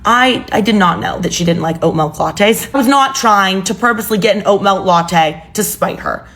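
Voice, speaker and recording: A woman's voice: medium pitch, normal speed, fairly bright tone. A young woman telling a personal story in a casual, chatty way with exasperated asides.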